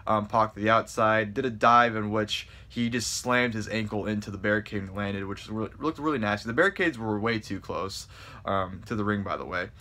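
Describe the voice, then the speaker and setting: Excitable man with a bright, lowish voice. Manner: excitable, rambling, stumbles over words when excited; casual, swears freely. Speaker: wrestling show reviewer. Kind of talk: casual spoken review.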